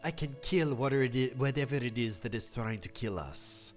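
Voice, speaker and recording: A man's voice: mid-range voice, lively intonation, a little fast, faint music behind, lightly acted. A man playing a cool deadly tiefling woman. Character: calm, deadly female tiefling.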